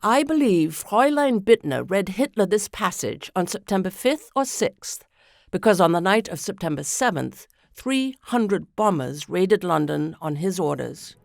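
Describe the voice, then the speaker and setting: A woman reads a scripted podcast story in a measured, unhurried way. Her voice sits on the lower side. The recording is dry and close to the mic. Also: lively intonation, creaky, dry recording. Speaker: narrator.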